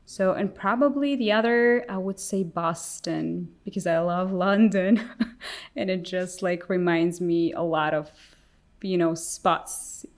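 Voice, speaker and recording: A woman's voice: fairly low pitch, fairly even intonation, takes it slowly, a little mellow. A woman whose first language is Russian, chatting casually as a podcast guest, laughing often and filling her talk with "like.". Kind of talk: casual chat.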